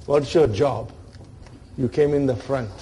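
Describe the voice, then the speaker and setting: A man's voice: mid-range voice, a little slow, warm tone, a little hiss or hum, close to an everyday voice. A man voicing a personified grammar particle that bosses and taunts a rival word in a classroom story. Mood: scornful. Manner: taunting, dismissive questions.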